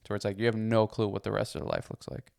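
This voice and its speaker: A man co-hosting a podcast who calmly reasons and pushes back gently in casual chat. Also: fairly low pitch, very fast, gravelly, no echo, studio quality. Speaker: podcast co-host.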